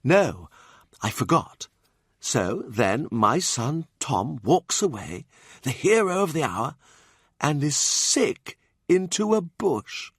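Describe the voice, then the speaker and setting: A man's voice: a little high, very animated, takes it slowly, fairly bright tone, husky, no echo, studio quality, pitched above the performer's own voice, heavily acted. A man voicing an old knight courtier telling a dramatic story in an audiobook. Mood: confiding. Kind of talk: audiobook character voice.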